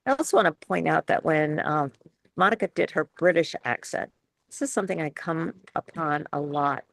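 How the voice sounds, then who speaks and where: Gravelly New York woman coaching voices. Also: low-pitched, moderate pace, a bit bright. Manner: chatty, laughing often, many restarts. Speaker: speech coach. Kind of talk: webinar Q and A.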